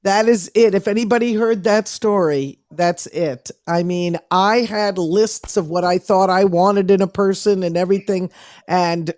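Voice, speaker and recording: A woman hosting a casual interview, talking in an open, slightly halting way. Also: mid-range voice, fairly even intonation, darkish tone, dry recording, studio quality. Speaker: host.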